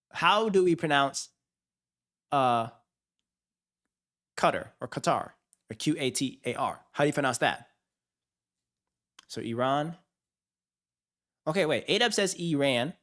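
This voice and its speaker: A man's voice: fairly high pitch, animated, a little slow, pauses often, pushed and bright. A man hosting a casual live stream, hyped and slangy, talking to his chat. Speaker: finance streamer.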